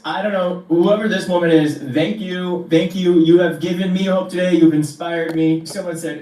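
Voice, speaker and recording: A man's voice: a little high, a little mellow. Amused man reacting in a roomy space. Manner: amused, earnest asides to viewers. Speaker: reaction commentator. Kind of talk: casual reaction commentary. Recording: roomy, distant mic with faint noise.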